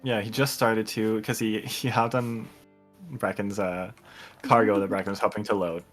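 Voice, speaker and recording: A man narrating as game master, talking casually in quick bursts. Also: lowish voice, level tone, a bit bright, faint music behind.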